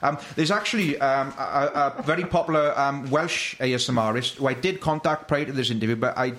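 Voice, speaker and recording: A man's voice: medium pitch, brisk, fairly bright tone. A man hosting a casual comedy chat, explaining at length with restarts and frequent laughter.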